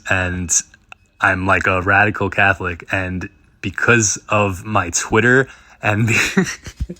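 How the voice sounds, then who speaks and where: A man's voice: on the low side, sharp tone, dry recording. A man in his thirties telling a rambling story with frequent laughs. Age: 30s. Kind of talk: casual storytelling.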